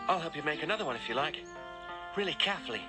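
Man voicing a high earnest cartoon dog. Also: animated, rapid-fire, music in the background, lightly acted. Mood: reassuring. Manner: earnest, eager to help. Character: kind young male dog on wheels. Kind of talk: children's TV voice acting.

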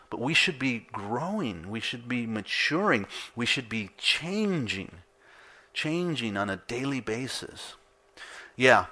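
In a conversational sermon, a pastor keeps asking rhetorical questions and restating his points for emphasis. He has a mid-range male voice with a sharp tone.

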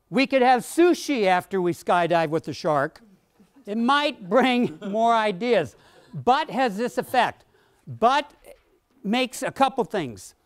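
A woman's voice: fairly high pitch, smooth, no room sound, clean studio sound. A woman leading a workshop lecture, explaining ideas with playful, jokey examples and questions to the class. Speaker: workshop instructor.

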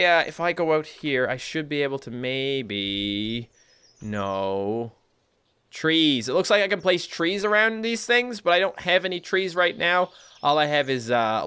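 Young male let's-play host, excitable and jokey, clear voice, higher than average. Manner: excitable, jokey, talks to viewers, big pitch jumps. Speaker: gaming YouTuber.

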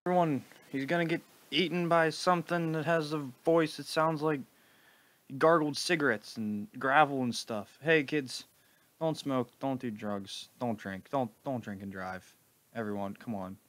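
A man giving mocking, deadpan sarcastic commentary over a video. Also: medium pitch, moderate pace. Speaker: video reactor.

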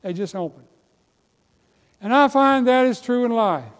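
An older pastor preaches in a folksy, storytelling way and pushes toward fervent exhortation. His voice sits high for a man. The sermon rings through a church with a long, lingering reverb. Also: lively intonation, unhurried. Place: church sanctuary.

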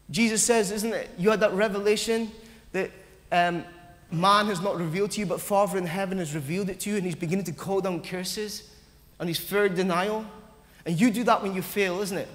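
A man's voice: high-pitched, fairly quick, a bit bright, in a large hall. A man preaching a sermon in church, earnest, acting out the voices of the doubting, often stumbling and restarting his sentences.

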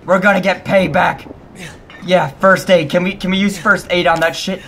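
A man's voice: high voice, flat delivery, normal speed, a bit bright, a little hiss or hum. Jumpy young man swearing through a horror game. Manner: jumpy, swears a lot, nervous laughter. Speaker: let's play host. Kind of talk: casual gaming commentary.

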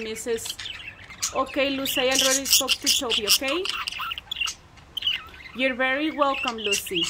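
A high-pitched woman coos at her budgies in slow, doting baby talk, taking her time over every word. Her voice sits over loud, constant budgie chirping and squawking in an outdoor aviary. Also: very noisy. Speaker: bird keeper talking to her pet budgies. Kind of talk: casual chat with pets. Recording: loud bird chatter over the voice.

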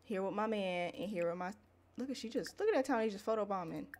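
A woman hosting a Let's Play, chatting excitably to viewers in casual gameplay commentary. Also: mid-range voice, quick pace, slight background noise.

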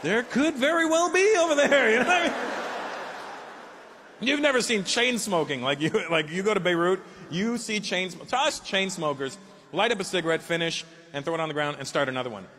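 A man's voice: high-pitched, lively intonation, fairly quick. A man doing a brash, profane stand-up set, working the crowd on a live stage with a handheld mic. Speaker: stand-up comedian. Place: comedy stage before a live audience. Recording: live show with loud crowd and noise.

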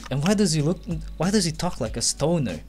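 Very animated and a little fast, this let's play commentator has a slightly high voice with a darkish tone. He plays a game while delivering sarcastic, sweary commentary and mocking its text. Faint game music plays behind him.

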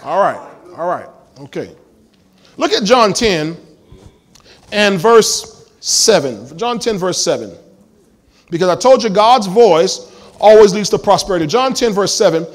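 Man, pastor, very high voice, emphatic call-and-response sermon, church. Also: sing-song, a little slow, long pauses. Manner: call-and-response, emphatic preaching, asks the congregation questions.

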